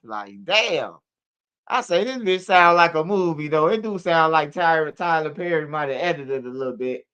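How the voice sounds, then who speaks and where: Male street-news commentator: slangy and profane, rambling, fairly high and smooth. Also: moderate pace, pushed and bright.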